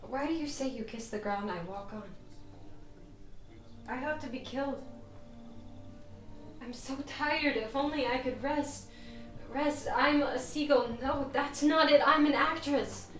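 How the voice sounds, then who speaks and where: Actress as Nina, a weary, heartbroken young actress. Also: female voice, high-pitched. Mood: exhausted. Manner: halting, with stammered restarts. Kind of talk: stage drama scene on film. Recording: roomy, distant mic with music.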